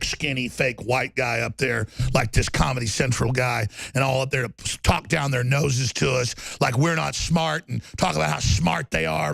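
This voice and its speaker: A man hosting a political talk show, delivering an angry rant with shouting and repeated lists. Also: on the high side, gravelly, no room sound. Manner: ranting, often shouting, repetitive lists.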